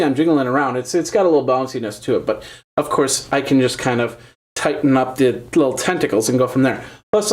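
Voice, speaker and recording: A man's voice: fairly high pitch, a little mellow. A man hosting a tech show, giving a chatty, upbeat gadget demo with lots of fillers and restarts.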